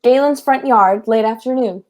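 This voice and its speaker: A woman reading stage directions aloud in a live play reading, with plain, even delivery. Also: fairly high pitch, moderate pace.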